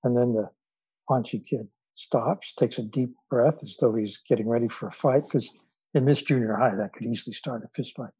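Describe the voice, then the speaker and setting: A man, an author and guest, telling stories in an interview in a measured way with frequent fillers. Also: mid-range voice, warm tone, slightly rough, no echo, rough recording. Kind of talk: storytelling in an interview.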